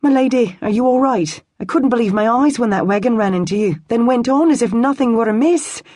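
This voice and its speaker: A woman voicing a nervous, eager-to-please young maid who talks quickly and high. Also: a little mellow, dry recording, clean studio sound, natural voice. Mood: anxious.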